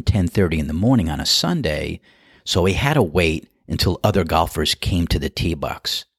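A low-voiced man with a husky edge tells a story in a casual, wry way, poking fun at himself. The sound is dry and close, with no room around it. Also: fairly bright tone, dry recording. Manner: wry, conversational, self-deprecating. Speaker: podcast host and golf starter.

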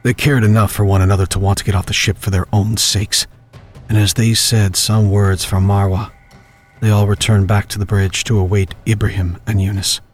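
A man narrating a horror story in a measured, grave storytelling manner. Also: lowish voice, flat delivery, soft background music.

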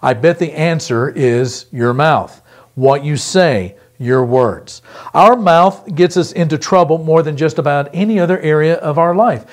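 A middle-aged man preaching a pre-recorded sermon, earnest and emphatic, slowing down to repeat key phrases. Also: fairly high pitch. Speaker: pastor.

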